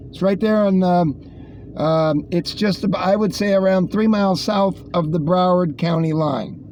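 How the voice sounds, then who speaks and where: A man's voice: high voice, mellow, slight background noise. A man hosting a casual news rundown, rambling with sarcastic asides. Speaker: host reading the news.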